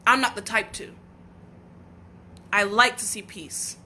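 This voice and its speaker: A woman from the United States speaks to viewers on a livestream with a bright, sharp tone at a middle pitch. She talks in an earnest, heartfelt way, often stopping to restart her thoughts, and faint ambient noise sits under her voice. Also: slow pace. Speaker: livestream host. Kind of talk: emotional personal livestream talk.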